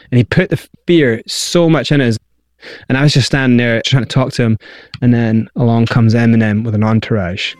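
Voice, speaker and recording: Animated man telling his story. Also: medium pitch, normal speed, dry recording, studio quality. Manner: animated, acts out quoted voices. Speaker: interview guest. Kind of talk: candid storytelling.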